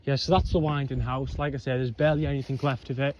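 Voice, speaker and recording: A man's voice: medium pitch, little pitch movement, fast talker, highs cut off. Young man, casual explorer vlog commentary, rambling and slightly out of breath, noisy outdoor mic. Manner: rambling, chatty, frequent ums and whatnots. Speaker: vlogger exploring old mine ruins. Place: outdoors on a windy hillside. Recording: noisy outdoor camera audio.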